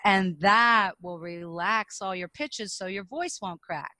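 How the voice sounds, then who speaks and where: A woman guest on a podcast, a speaking coach explaining and demonstrating vocal warm-up exercises. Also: medium pitch, slow. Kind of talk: podcast interview.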